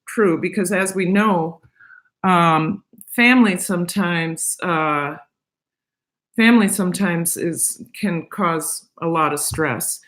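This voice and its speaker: A middle-aged woman hosting a casual live stream from home, chatting with viewers in a halting way, with many fillers and restarts. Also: medium pitch, a bit bright. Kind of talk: casual chat, reading viewer comments.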